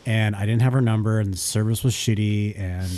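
A young man with a lowish voice talking casually and candidly. He rambles a little and drops swear words easily. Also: steady tone, brisk, warm tone, slight background noise. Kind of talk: casual chat.

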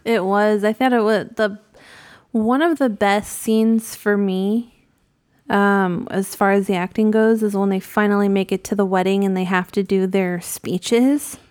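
A woman's voice: medium pitch, steady tone, unhurried, a little mellow. Dry-witted woman hosting a podcast. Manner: dry, teasing asides. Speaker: podcast host. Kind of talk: casual movie review chat.

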